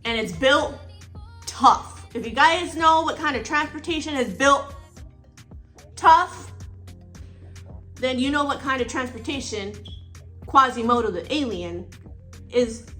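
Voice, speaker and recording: Bright high-voiced woman telling a story. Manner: playful, coded storytelling with spelled-out words. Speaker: storyteller vlogger. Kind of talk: casual storytime while getting ready.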